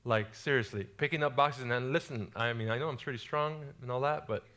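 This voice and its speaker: A man's voice: medium pitch, a little fast, fairly bright tone. A young adult man from South Florida preaching a casual sermon built on personal stories, with lots of energy and repeated words.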